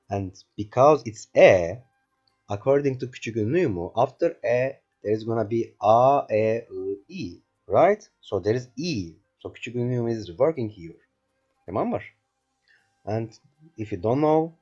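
A man with a low, mellow voice teaches an online beginner lesson. He drills the points patiently and often pauses to check that his learners remember. The sound is dull and lo-fi, with faint music underneath. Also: husky. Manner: patient, slow drilling, keeps asking "remember?". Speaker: language teacher.

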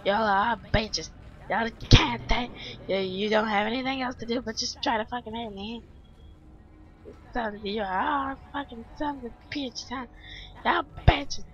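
A young woman doing let's play commentary, loud and profane, screaming at jump scares and trash-talking enemies. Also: a little high, steady tone, a little slow, lo-fi sound. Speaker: gaming channel host.

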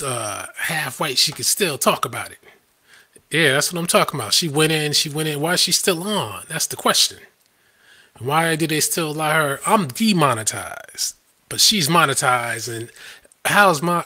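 A man with a husky, bright and edgy voice, pitched a little high for a man. He hosts a live stream, where he rants in a combative, scoffing way and often laughs at his own points. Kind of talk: ranting live-stream commentary.

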